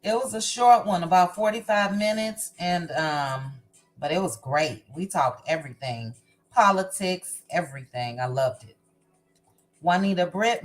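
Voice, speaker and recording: A woman hosts a casual live stream, calling out viewers' names one by one in a slow, easygoing rhythm. Her voice sits at a middle pitch, friendly and chatty. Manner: unhurried, warm greetings to chat viewers by name. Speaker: livestream host.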